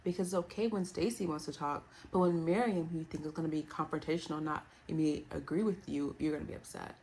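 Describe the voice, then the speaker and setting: A woman recapping a reality show in a casual, animated, playful way. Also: low-pitched, fast talker, a little hiss or hum. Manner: animated, playful, quotes others in put-on voices.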